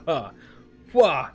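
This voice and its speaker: A British man with a voice on the high side hosts a laid-back live-stream Q&A. He answers chat's questions in a relaxed, rambling way, chuckling frequently.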